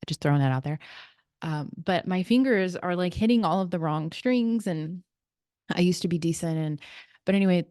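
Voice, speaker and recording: A woman talks through her solo podcast in a relaxed, chatty way, explaining things with side comments and small laughs. Her voice sits a little low. The sound is dry and close to a computer mic. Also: normal speed, clean tone, dry recording. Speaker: podcast host and breathwork practitioner. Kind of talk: casual solo podcast talk.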